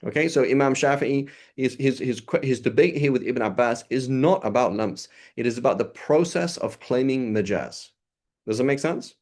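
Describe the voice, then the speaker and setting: A man's voice: medium pitch, darkish tone. Man teaching a lecture, checking in often. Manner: explanatory, often checks understanding with "right?" and "okay?"; reads classical Arabic quickly, then explains in English. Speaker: teacher of an Arabic legal text. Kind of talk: classroom lecture.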